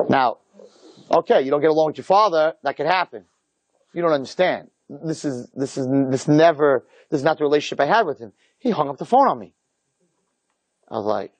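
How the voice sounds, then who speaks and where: A rabbi telling a personal story to an audience, with animated and emphatic delivery. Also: male voice, a little high, normal speed, no echo. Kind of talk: storytelling talk.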